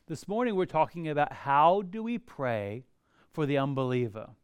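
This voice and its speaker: A man preaching a sermon in a high, smooth, resonant voice, recorded close and dry with no room sound. He swells into emphatic, pleading outbursts and stretches his key phrases out slowly. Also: animated, no room sound. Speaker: pastor.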